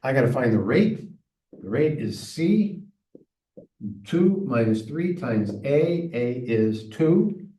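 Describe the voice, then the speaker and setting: Solving problems aloud in a recorded lesson, a male math teacher talks to himself chattily as he thinks through each step. His mid-range voice has a dark tone and is very animated, though he takes it slowly; the mic is far away in an echoey room.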